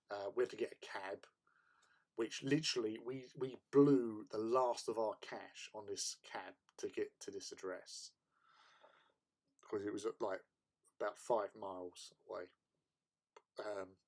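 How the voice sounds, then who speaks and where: Hosting a hobby stream from England, a man paints miniatures while telling long anecdotes in casual chat, often breaking into laughter. His voice is lowish and steady, with a moderate pace and frequent pauses.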